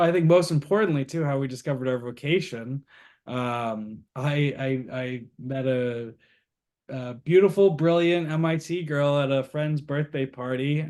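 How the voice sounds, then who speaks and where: A young man from Boston, a guest on an interview show, telling stories casually with frequent fillers and chuckles. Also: mid-range voice. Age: young adult. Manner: relaxed storyteller, chuckles often, many fillers. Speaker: guest, university co-founder.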